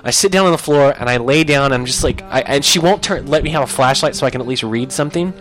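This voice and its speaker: A young man telling a comic story on a podcast, animated and profane, jumping into loud yelps when he acts out his own lines. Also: mid-range voice, quick pace, faint music behind.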